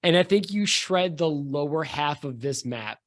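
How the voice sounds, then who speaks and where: A man running a tabletop game as game master, narrating in a relaxed, hesitant way with many fillers. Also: a little high, a little slow.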